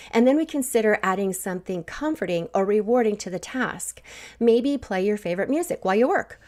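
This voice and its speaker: Grandmotherly woman telling a faith talk. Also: medium pitch. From Southwest Missouri. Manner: warm storytelling with laughs. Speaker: podcast host. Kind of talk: faith-based encouragement talk.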